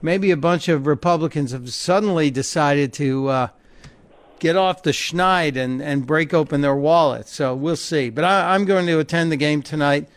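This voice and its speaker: A talk radio host speaking in a casual, joking way into a studio microphone. His voice sits a little high for a man and comes across smooth and clear. The sound is close and dry. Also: normal speed, dry recording. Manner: chatty, joking, laughs easily.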